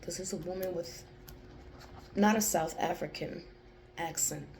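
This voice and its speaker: A young woman who gives an intuitive psychic reading, thinking aloud, hesitating and pausing to focus. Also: lowish voice, a little mellow. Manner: hesitant, restarts, pauses to focus. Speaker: psychic channeler.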